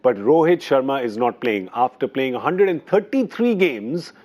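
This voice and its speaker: A man's voice: medium pitch, big pitch swings, moderate pace, darkish tone. A middle-aged man hosting a cricket studio show, with playful, teasing banter. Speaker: show host. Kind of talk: lively studio cricket chat.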